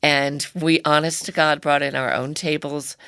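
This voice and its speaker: A woman's voice: low voice, little pitch movement, moderate pace, a bit bright, smooth, no room sound, clean studio sound. A middle-aged woman, a guest founder, telling her story in a chatty interview and laughing often. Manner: chatty, laughs often, acts out quoted voices. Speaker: guest, handbag company founder.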